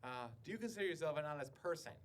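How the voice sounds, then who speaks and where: A man's voice: a little high, expressive, racing, natural voice. A man playing a slick, sarcastic game-show host with mock politeness. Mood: smarmy.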